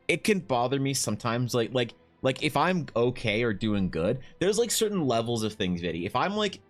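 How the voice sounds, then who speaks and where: A man chatting casually on a livestream, rambling with lots of fillers and casual swearing, reading chat and talking to his dog. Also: on the low side. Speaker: art streamer.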